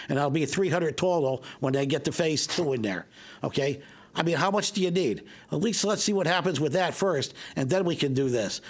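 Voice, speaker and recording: A man speaking as a resident at a town planning hearing, emphatic and insistent, repeating his points and checking in with "okay?". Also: a little high. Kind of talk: public comment at a town meeting.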